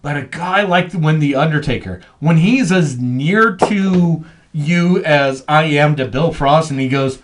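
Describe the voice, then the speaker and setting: A man co-hosting a podcast in casual chat, telling stories in a rambling, animated way with lots of fillers. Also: on the high side, unhurried. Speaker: podcast co-host.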